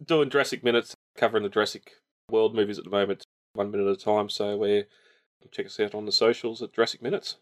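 A man's voice: lowish voice, steady tone, fast talker. A man guesting on a podcast, chatting casually and often repeating words as he goes. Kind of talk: casual chat.

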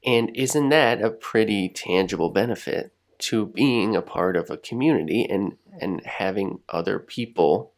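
Gravelly low-voiced man musing aloud. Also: measured pace, hardly any pauses. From United States. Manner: thoughtful, rambling with restarts and soft laughs. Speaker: podcast co-host. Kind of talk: reflective casual chat.

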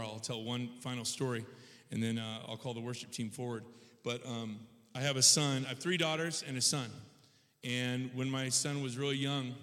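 Pastor guy preaching, chatty storytelling, mid-pitched voice, big echoey church hall. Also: fairly bright tone. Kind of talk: sermon. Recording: long hall reverb.

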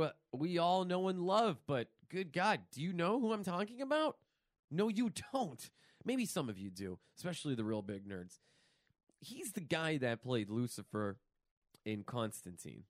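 A man hosting a casual movie news show, excitable and rambling, with plenty of fillers and asides. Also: a little high, dry recording, clean studio sound. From New York. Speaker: podcast host.

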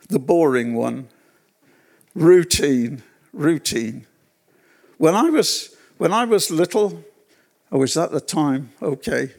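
A man preaching a sermon at a church gathering, telling personal stories in an unhurried way and repeating phrases for weight. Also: on the high side, gravelly. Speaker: pastor.

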